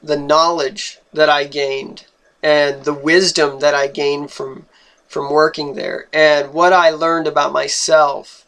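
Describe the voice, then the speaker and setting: Earnest and halting, a young man recounts a personal story, repeating and stumbling over words as he hunts for them. His notably high voice is a bit bright with vocal fry, and his pace is unhurried and deliberate.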